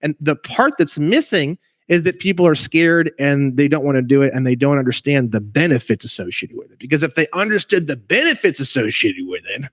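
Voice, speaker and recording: A man's voice: fairly high pitch, expressive, fairly quick, hardly any pauses, a bit bright, no echo. Emphatic, profane man with a dry sound. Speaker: guest legal researcher. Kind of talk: casual conversation on a call.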